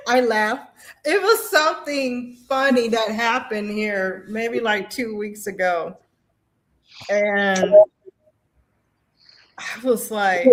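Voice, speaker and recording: A woman's voice: on the high side, takes it slowly, long pauses. A middle-aged woman telling stories about grief and faith, acting out the voices of the people she quotes. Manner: animated storytelling, acts out quoted voices. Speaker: guest, Air Force veteran. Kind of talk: emotional conversation about grief.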